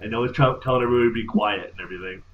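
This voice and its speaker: A man's voice: lowish voice, very fast, phone-quality sound, a little hiss or hum. A man co-hosting a casual podcast in a laid-back, rambling way, full of fillers. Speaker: podcast co-host. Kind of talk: casual chat.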